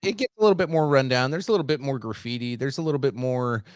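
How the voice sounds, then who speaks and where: A man's voice: medium pitch, quick pace, smooth, no echo, clean studio sound. Rambling, profane country-boy storyteller. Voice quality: self-described simple country boy. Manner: rambling, profane, heavy on fillers. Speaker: podcast host. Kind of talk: casual storytelling.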